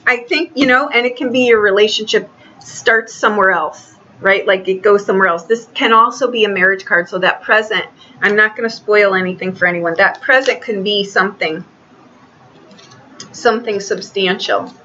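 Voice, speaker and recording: A woman giving a casual tarot reading, talking in a chatty, halting way with many restarts. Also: medium pitch, bright, forceful tone, highs cut off, a little hiss or hum. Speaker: tarot reader.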